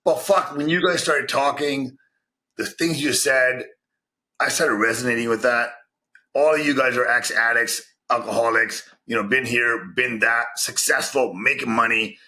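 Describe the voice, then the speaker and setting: A man's voice: medium pitch, fairly even intonation, normal speed, bright, forceful tone. A man from Vancouver, a podcast guest, telling his story in casual chat and swearing constantly. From Vancouver, Canada.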